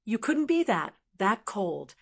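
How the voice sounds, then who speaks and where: A woman's voice: medium pitch, very animated, takes it slowly, gravelly, exaggerated voice. A woman voicing a frantic, desperate middle-aged daughter-in-law who shrieks, stammers and pleads. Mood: begging.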